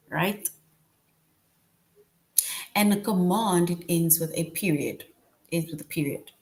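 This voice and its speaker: Slow, patient woman teaching young kids. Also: deep voice, darkish tone. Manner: patient, repeats points, tags "right?" often; slow, deliberate. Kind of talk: online lesson for young children.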